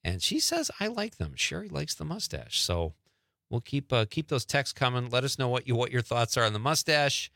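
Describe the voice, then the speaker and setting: A man hosting a casual radio talk show in a studio, upbeat and chatty with quick follow-up questions. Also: mid-range voice, big pitch swings, vocal fry, sharp tone, dry recording.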